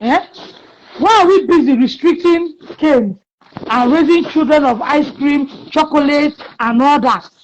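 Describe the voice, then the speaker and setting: A woman's voice: sits high, measured pace, slight background noise. A Nigerian woman giving passionate opinion talk, scolding and emphatic, with pidgin phrases mixed in, on a muffled lo-fi recording.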